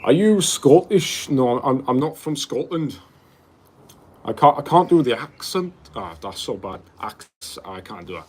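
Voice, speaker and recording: A man's voice: medium pitch, lively intonation, measured pace, a little mellow, husky. A man in his twenties hosting a livestream, answering viewer questions in a loose, rambling casual chat, calling people bro and filling gaps with um and like. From Wales. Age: 20s. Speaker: livestream host.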